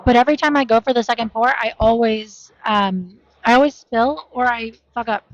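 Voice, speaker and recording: Woman co-host, chatty and joking, swears casually, fairly high voice, muffled audio. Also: moderate pace, no room sound. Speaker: co-commentator. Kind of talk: casual live commentary.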